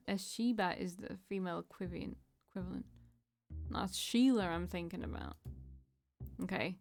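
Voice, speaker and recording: A woman's voice: lowish voice, moderate pace, vocal fry, pauses often, darkish tone, soft background music. A woman reading a visual novel aloud as a let's play, breaking off to chat and joke about the old slang. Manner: reads lines then chats and jokes about the slang.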